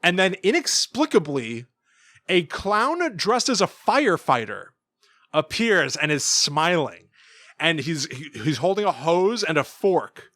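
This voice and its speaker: A man in his thirties co-hosts a podcast, casually retelling a story with animation, acting out lines and laughing. His voice is fairly high, at a measured pace, with a dry, clean studio sound.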